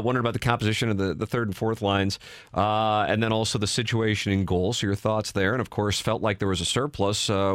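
A man's voice: fairly low pitch, dry recording. A man hosting a sports talk radio show in a studio, bantering upbeat and joking with a guest. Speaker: radio host.

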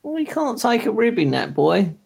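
A man's voice: high-pitched, very animated, normal speed, gravelly, darkish tone, breathy edge. A man on a casual stream, drawling and mock-scolding his friends as he ribs them. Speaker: co-host. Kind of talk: joking banter on a live stream.

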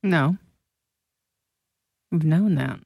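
High-voiced dry radio co-host man. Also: extremely slow, vocal fry, darkish tone, husky, no room sound. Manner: dry, low-key replies. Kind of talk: casual talk radio banter. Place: radio studio.

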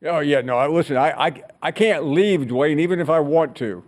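A male sports radio host takes calls, his slightly high voice dry and amused as he steers the callers. He sounds relaxed and in charge. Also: normal speed. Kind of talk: sports talk radio hosting.

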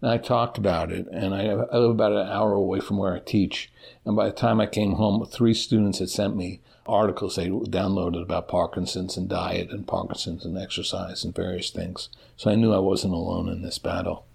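Middle-aged guy, teacher, low gravelly voice, kinda halting, keeps restarting his sentences. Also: little pitch movement, darkish tone. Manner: halting, restarts and repeats words. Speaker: interview guest, teacher. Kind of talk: personal interview answers.

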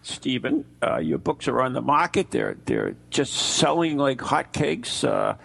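A man hosting a podcast, teasing his co-host in sarcastic, drawn-out banter. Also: mid-range voice, wildly swooping pitch, vocal fry, a bit bright.

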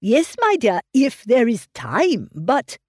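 Mr. Woodhouse, a woman doing a fretful old gentleman. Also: on the high side, huge pitch swings, slow, breathy edge, no room sound, studio quality, full character voice. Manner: plaintive, sighing, fussing over family. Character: fretful elderly gentleman, anxious and fussy. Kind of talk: audiobook reading of a classic novel.

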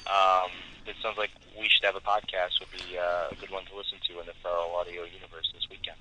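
A man's voice: low-pitched, little pitch movement, fast talker, background noise. A man co-hosting a podcast, rambling through plugs and teasing his guests in casual chat. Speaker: podcast co-host.

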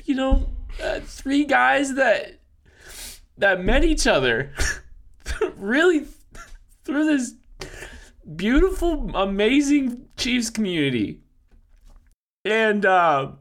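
A man co-hosting a podcast, crying as he speaks haltingly, full of fillers and teary laughs. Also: extremely high pitch, sing-song, creaky, fairly bright tone. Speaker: podcast co-host. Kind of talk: emotional podcast farewell.

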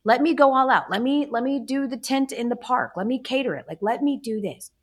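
A woman's voice: fairly high pitch, brisk. A woman in her thirties hosting a podcast, telling stories in a chatty, sarcastic way. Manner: animated, chatty storytelling with sarcastic asides. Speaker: podcast host. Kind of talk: casual chat.

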